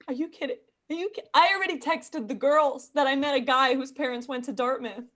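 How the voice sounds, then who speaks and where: A woman performs in a live improv comedy scene. She has a high voice and gushes with eager, breathless excitement. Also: a little fast.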